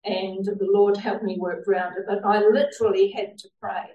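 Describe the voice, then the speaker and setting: A woman's voice: medium pitch, little pitch movement, normal speed, warm tone, highs cut off. New woman sharing a faith testimony. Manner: earnest storytelling, laughs now and then. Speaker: church member sharing a testimony. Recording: roomy sound from a distant mic.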